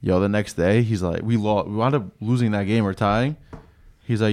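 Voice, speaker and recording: A young man relaxed and telling a story in casual chat. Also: lowish voice, measured pace.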